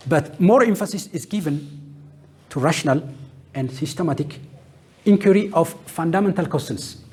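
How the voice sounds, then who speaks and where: A man's voice: fairly high pitch, a little mellow, breathy edge. A man giving a classroom lecture, listing terms one by one and answering his own questions. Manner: asks questions and answers them himself; lists terms one by one with pauses.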